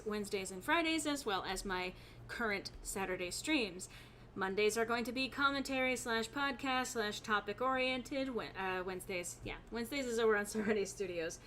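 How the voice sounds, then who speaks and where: A woman's voice: a little high, moderate pace, sharp tone, slight background noise. A young woman streaming a game, chatting casually, laughing often and reading chat aloud in a rambling way. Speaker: gaming streamer.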